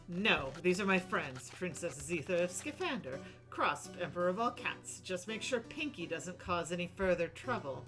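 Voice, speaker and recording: A woman's voice: on the low side, animated, normal speed, over music. A woman streaming a story game, reading its dialogue aloud in playful voices and laughing often between lines.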